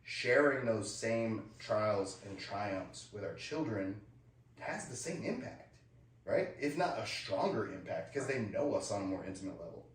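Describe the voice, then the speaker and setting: A man's voice: fairly low pitch, lively intonation, measured pace. A man in his thirties co-hosting a podcast, telling candid personal stories in a casual chat and acting out the dialogue. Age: 30s. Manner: candid storyteller, acts out dialogue. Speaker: podcast co-host. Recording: echoey room, far from the mic.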